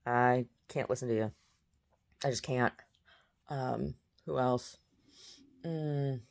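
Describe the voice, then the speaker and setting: A woman's voice: extremely low pitch, slow pace, vocal fry, darkish tone. Blunt groggy woman rambling in bed. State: groggy first-thing-in-the-morning voice. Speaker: vlogger. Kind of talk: casual monologue. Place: in bed at home.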